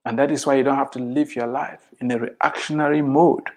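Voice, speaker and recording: Motivational speaker, emphatic, repeats phrases, rhetorical questions, swings loud and soft. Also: medium pitch, steady tone, fairly quick. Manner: emphatic, repeats lines for effect. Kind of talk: motivational address to immigrants.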